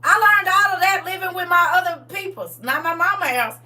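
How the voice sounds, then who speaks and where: A woman of about forty telling stories from her past in a casual, animated way, full of slang and laughter. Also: very high-pitched, a little fast, distant mic. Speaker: livestream co-host. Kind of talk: casual storytelling chat.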